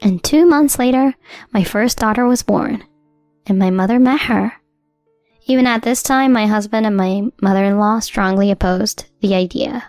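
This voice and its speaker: A woman tells a scripted first-person story in an even, measured voice. The recording is dry and close. Soft music runs underneath. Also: mid-range voice, dry recording. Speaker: narrator.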